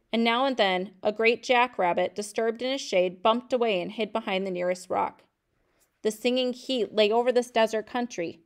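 A woman teacher reads a novel aloud in a steady, measured way, with a mid-range voice. Her narration is even and unhurried, made for a class audiobook. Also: mid-range voice.

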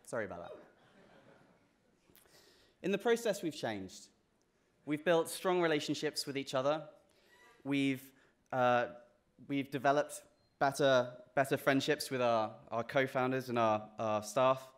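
A young British man with a mid-range voice gives a graduation class day speech as the student speaker, talking unhurriedly and pausing often. He's earnest but slips in self-deprecating jokes, frequently restarting and repeating words.

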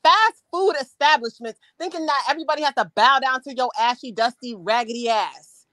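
A woman's voice: high voice, a little fast, pushed and bright, dry recording. A woman guest on a casual panel chat, ranting heatedly and swearing.

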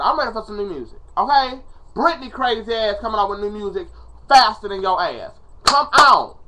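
High-pitched and a bit bright, a man's voice carries a casual vlog rant recorded via webcam at home. His delivery is dramatic and profane, full of exasperated pleading, over faint background music.

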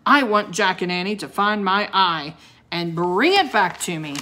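A woman voicing a gruff, commanding old male ice wizard who bellows and growls. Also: medium pitch, expressive, a little slow, sharp tone, a little hiss or hum.

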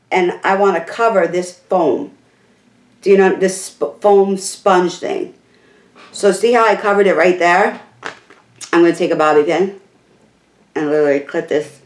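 A chatty beauty vlogger, a woman with a lowish, slightly worn voice, talks through a hair tutorial in an easygoing, rambling way. Her words bounce around a roomy, echoey room. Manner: chatty, rambling, full of "like" and "literally". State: losing her voice.

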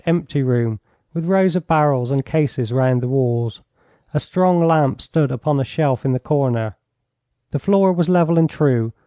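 A man narrating an audiobook in a measured, even storytelling manner on a close studio mic. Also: on the high side, no room sound. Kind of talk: scripted narration.

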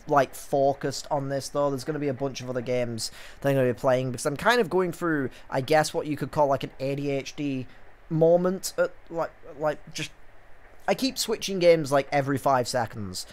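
A man's voice: fairly high pitch, fairly quick. A young man hosting a let's play, chatting in a rambling way that trails off into fillers. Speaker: gaming channel host.

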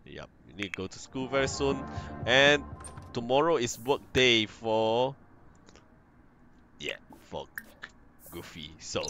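Bright, lively man doing playful game commentary. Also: medium pitch, slow pace, long pauses. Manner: playful, chatty, talks to his game characters. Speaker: let's play host. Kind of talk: casual gameplay commentary.

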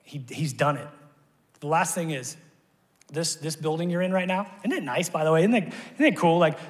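Male pastor, slightly raised pitch, preaching in a church hall with long reverb; lively storyteller who shouts at peaks and goes hushed in prayer. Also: moderate pace. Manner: animated storytelling, voice rising to shouts at peaks, dropping soft in prayer. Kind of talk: sermon. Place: church auditorium.

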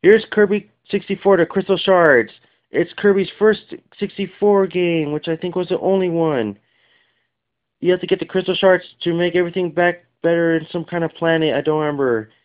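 A man's voice: sits high, fairly even intonation, moderate pace, narrow, tinny audio. A man casually showing his video game collection, rambling and apologizing often, with lots of fillers and self-corrections.

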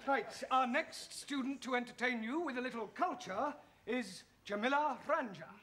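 A man's voice: very high-pitched, moderate pace. A man playing a patient English teacher. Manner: polite, correcting students. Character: patient English male teacher hosting a concert. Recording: loud background noise.

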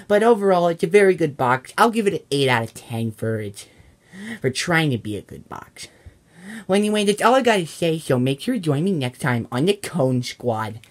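A man's voice: a little high, sing-song, moderate pace. A man acting a home-made skit in a casual, mumbling way, with frequent sighs.

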